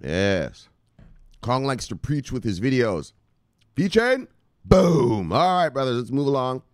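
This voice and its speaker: A man's voice: mid-range voice, big pitch swings, slow pace, no echo. Hyped-up guy doing a crypto news show, voice swings all over, dry close sound. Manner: hyped, shouting catchphrases, laughing, profane. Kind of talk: excited casual crypto commentary. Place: home near the beach.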